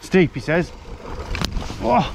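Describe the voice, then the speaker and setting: A man gives excited commentary while mountain biking a wooded hill trail, filmed on his helmet cam, breathlessly laughing and exclaiming. His voice is high-pitched, expressive, gravelly and darkish, taken slowly, with muffled audio full of wind and trail noise.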